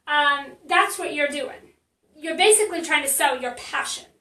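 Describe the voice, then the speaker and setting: A woman's voice: high voice, normal speed, sharp tone, roomy sound, distant mic, low-quality recording. A woman marketing coach teaching in a casual live stream, chatty and blunt, with many fillers and restarts.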